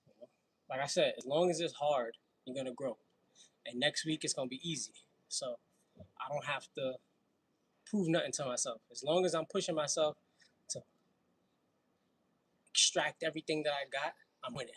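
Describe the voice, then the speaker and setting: Casting: slangy New York man in his thirties, husky, a bit higher-pitched, loose livestream banter. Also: moderate pace, pauses often, fairly bright tone, low-quality recording. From Brooklyn, New York. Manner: slangy, laughing, chatty between sets. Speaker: fitness livestream host. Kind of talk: casual livestream chat while working out.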